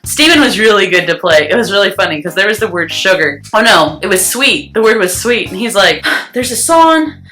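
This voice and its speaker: A young woman chatting casually to her viewers in a vlog, bouncing between stories and quick bursts of song. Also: mid-range voice, expressive, bright, forceful tone, soft background music. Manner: chatty, breaks into snatches of song. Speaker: vlogger. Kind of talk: casual chat to camera.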